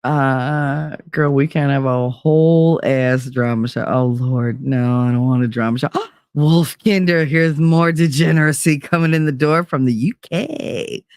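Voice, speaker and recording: A woman's voice: rumbling low, steady tone, measured pace, darkish tone, smooth, no room sound, clean studio sound. A woman casually chatting with her livestream chat, bubbly and teasing, laughing a lot and tired from little sleep. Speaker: livestream host reading chat.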